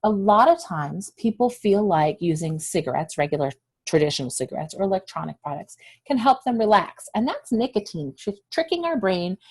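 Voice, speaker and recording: A woman's voice: on the low side, a little mellow. Upbeat woman health educator. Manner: encouraging, direct address to kids. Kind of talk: scripted lesson to young viewers.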